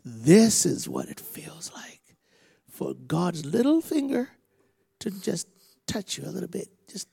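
A man preaching and praying over a person, slow and emphatic, shouting commands then softening to near whispers. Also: sits high, big pitch swings, gravelly, husky. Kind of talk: prophetic ministry and prayer.

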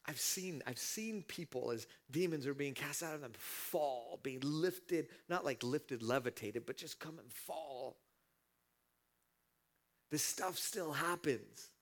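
Impassioned male preacher swinging loud and soft. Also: fairly high pitch, takes it slowly. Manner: dramatic swings from hushed to shouting, acting out scenes. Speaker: pastor. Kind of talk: sermon.

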